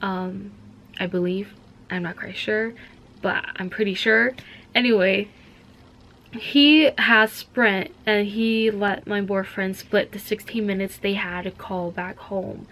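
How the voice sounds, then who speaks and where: A woman's voice: medium pitch, fairly even intonation, takes it slowly, a bit bright, slight background noise. Chatty young woman, rambling vlog talk. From Minnesota. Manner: rambling, heavy use of "like". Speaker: vlogger. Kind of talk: casual chat.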